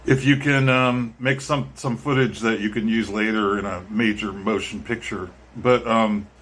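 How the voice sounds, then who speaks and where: A man's voice: fairly low pitch, steady tone, normal speed, fairly bright tone. A man talking casually to the camera as a vlogger, rambling and hesitant with many ums and restarts. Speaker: vlogger and musician.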